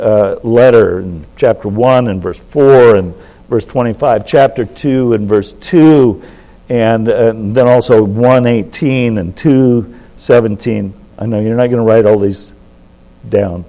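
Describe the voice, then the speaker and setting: A man in his seventies, a pastor giving a conversational sermon, folksy and self-interrupting, jumping up in pitch for emphasis. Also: low-quality recording. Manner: animated, jumps up in pitch for emphasis.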